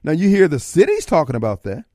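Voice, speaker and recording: A man's voice: fairly high pitch, fast, no room sound, clean studio sound. A man hosting a political talk radio show, delivering a fiery monologue and acting out imagined critics. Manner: animated, acts out imagined callers and critics.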